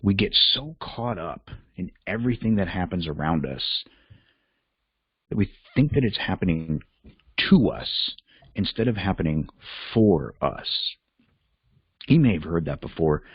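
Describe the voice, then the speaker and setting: A man's voice: low voice, animated, measured pace, husky, dry recording, lo-fi sound. A man hosting a reflective self-help talk, candid and conversational, thinking aloud as he goes. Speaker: podcast host and life coach.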